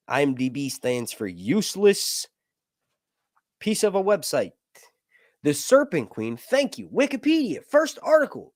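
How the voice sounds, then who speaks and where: A young man hosting a casual live stream, chatting with viewers in a jokey, animated way and swearing casually. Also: a little high, no room sound, studio quality. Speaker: YouTube host reading viewer chat.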